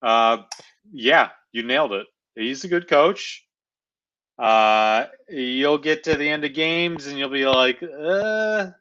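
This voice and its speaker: A man co-hosting a live basketball watch-along, talking in a relaxed, filler-heavy way. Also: medium pitch, highs cut off. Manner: laid-back, drops his voice, many fillers. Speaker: co-host. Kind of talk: casual watch-along chat.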